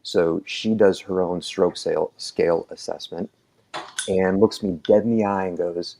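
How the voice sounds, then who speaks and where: A man's voice: deep voice, steady tone, a little slow, vocal fry, mellow, slight background noise. A man casually telling a long personal story on a podcast, full of "um"s and restarts, acting out what people said. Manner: rambling, filler-heavy, acts out quoted dialogue. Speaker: EMT telling his story.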